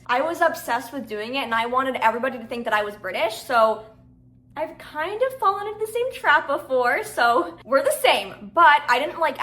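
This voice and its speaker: Woman, high voice, bright tone, very lively pitch, chatty, laughs often, reacting to confessions. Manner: exclaims in disbelief. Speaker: storytelling comedy host.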